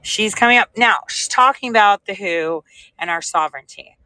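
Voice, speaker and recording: Woman host, casual livestream, rambling storyteller, mid-pitched voice, addresses viewers directly. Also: normal speed, pushed and bright, no echo, poor audio.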